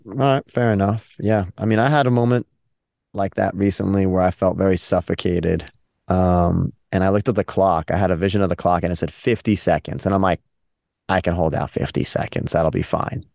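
Man, podcast co-host, casual chat, low voice, dry close sound. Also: fairly even intonation, fairly quick, creaky, darkish tone, no room sound.

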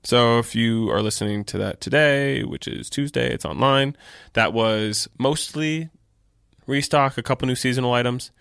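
A man's voice: mid-range voice, moderate pace, vocal fry, fairly bright tone, clean tone, no echo, studio quality. A man co-hosting a podcast about his clothing shop, talking in a laid-back way, swearing freely and laughing often. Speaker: podcast co-host and shop owner. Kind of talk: casual chat.

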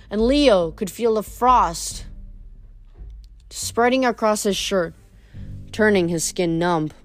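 A woman reading a novel aloud, stumbling and restarting words now and then. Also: mid-range voice. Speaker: reader.

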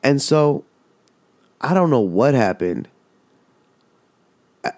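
A man's voice: medium pitch, sing-song, slow, a little mellow, no echo. A man casually telling a story, rambling and swearing, with lots of "like". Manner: rambling, profane, full of "like".

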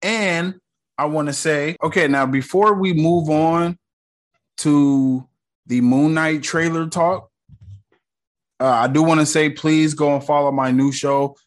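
An American man hosts a casual solo podcast, his voice a little high and steady as he talks slowly. He rambles in a laid-back, slangy way, filling the gaps with plenty of fillers.

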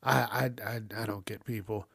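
A man's voice: fairly low pitch, steady tone, normal speed, gravelly, fairly bright tone, husky, dry recording, clean studio sound. A man hosting a casual news commentary show, swearing often and ranting with frequent laughs. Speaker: host.

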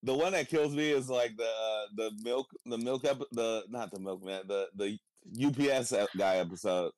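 A Californian man with a low voice chats casually, cursing freely and laughing easily. The sound is dry and close. His manner is relaxed. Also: moderate pace, dry recording. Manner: relaxed, swearing, laughs a lot. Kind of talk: casual chat.

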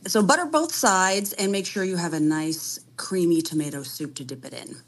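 A woman caller chatting easily with the host of a call-in show. She talks in a relaxed, friendly way and laughs often. Her voice sits a little low. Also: moderate pace. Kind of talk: casual chat.

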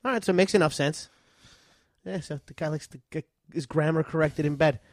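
A man's voice: a little high, brisk, no echo, studio quality. A man co-hosting a trivia podcast who casually asks questions and chuckles along. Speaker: podcast co-host.

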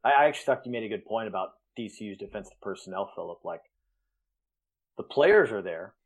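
A man co-hosting a sports podcast, with a gravelly, husky voice in casual chat. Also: on the low side, lively intonation, brisk. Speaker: podcast co-host.

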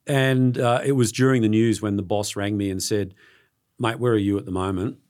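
A middle-aged Australian man, a sports journalist being interviewed, telling stories in an earnest, halting way and often repeating words. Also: lowish voice, fairly even intonation, a little mellow. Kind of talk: casual interview storytelling.

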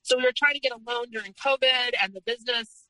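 A woman's voice: a little high, fast, pushed and bright, no room sound, poor audio. A woman speaking as an interview guest, telling her personal story frankly and candidly in conversation.

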